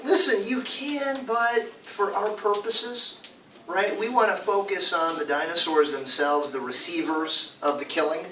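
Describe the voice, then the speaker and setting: A man's voice: sits high, a little slow, bright, forceful tone, slight background noise. A man teaching English to a class, explaining grammar and drilling pronunciation with the students. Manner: drills pronunciation, stresses words, repeats phrases for class. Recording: echoey classroom from far off. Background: students talking.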